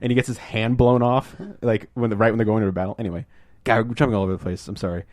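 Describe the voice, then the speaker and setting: A man hosting a casual podcast, talking about a film, rambling and swearing and acting out scenes in quick put-on voices. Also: on the low side, steady tone, darkish tone, no room sound, studio quality. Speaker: podcast host.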